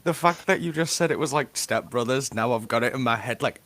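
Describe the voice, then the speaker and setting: A man's voice: medium pitch, a little fast, fairly bright tone. A man chiming in with quips and a lot of laughter in a casual podcast chat.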